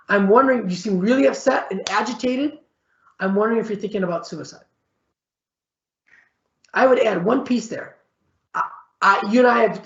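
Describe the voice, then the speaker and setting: A middle-aged man with a gravelly edge in his voice gives a conversational webinar lecture. He keeps checking in with his listeners and acts out little exchanges in a livelier voice. The audio sounds echoey and slightly muffled. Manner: conversational, repeats "all right?" and "right?" as check-ins; acts out short exchanges with varied pitch. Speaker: psychology professor presenting a webinar.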